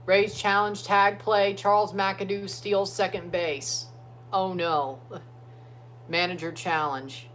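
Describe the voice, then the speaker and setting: A man hosting a casual sports watchalong livestream from his phone, talking loosely and breaking into excited chants for players. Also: high-pitched, takes it slowly, a little hiss or hum. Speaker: livestream host. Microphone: phone streaming app.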